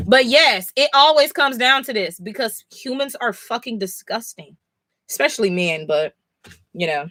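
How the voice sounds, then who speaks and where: A woman's voice: on the high side, expressive, normal speed, pushed and bright, no echo, studio quality. A woman reading comics live on stream, reacting emphatically, swearing and talking straight to her chat.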